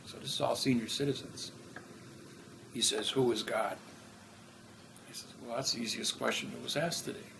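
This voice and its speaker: A man's voice: mid-range voice, gravelly, background noise. A man lecturing at a seminar, telling rambling anecdotes and acting out the dialogue. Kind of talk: storytelling lecture.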